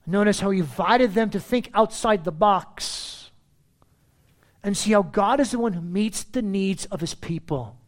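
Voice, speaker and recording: A man's voice: high-pitched, a little slow. A man preaching a sermon as pastor, reading scripture verses and explaining them with emphatic, repeated phrases.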